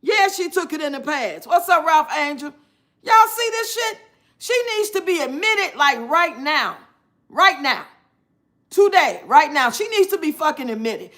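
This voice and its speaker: A woman gives blunt, profane reaction commentary to her viewers. Her voice sits high and sounds bright and sharp. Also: very animated, a little slow. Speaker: commentary streamer.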